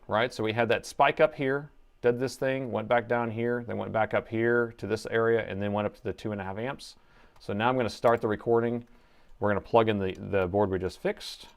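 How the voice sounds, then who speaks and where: A middle-aged man hosting a live laptop repair stream, chatting playfully and excitably with the viewers as he works. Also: mid-range voice, clean tone. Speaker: host and laptop repair technician.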